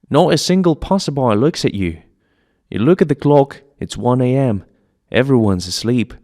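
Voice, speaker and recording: A man's voice: mid-range voice, a little mellow. Man telling a plaintive childlike monologue. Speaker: solo stage actor. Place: theatre stage.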